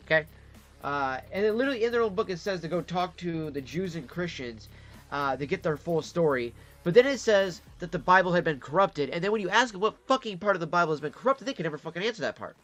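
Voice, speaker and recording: Profane man telling stories, slightly high voice. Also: expressive, fast, fairly bright tone, highs cut off, faint music behind. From Detroit, Michigan. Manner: profane, acts out quoted voices. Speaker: vlogger. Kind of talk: casual storytelling monologue.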